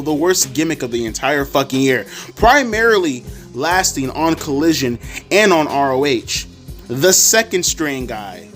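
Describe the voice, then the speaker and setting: A man giving a sarcastic, exasperated, profanity-heavy rant reviewing a wrestling show. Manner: mocking squeaky voices for people he quotes. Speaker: wrestling commentary podcaster.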